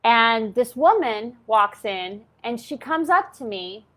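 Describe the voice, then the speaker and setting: A woman's voice: a little high, sing-song, takes it slowly, a bit bright. A woman in her fifties telling a personal story in a candid, chatty way, full of "like" and "okay?". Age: 50s. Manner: chatty, peppers talk with "like" and "okay?". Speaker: channel host.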